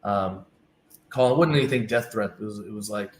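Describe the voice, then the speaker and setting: A man's voice: lowish voice, a little fast, a little hiss or hum. A man, a team's travel director, telling stories in a casual interview and acting out the dialogue. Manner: animated anecdotes, acting out quoted dialogue. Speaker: team travel director, guest. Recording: echoey room with faint ambience.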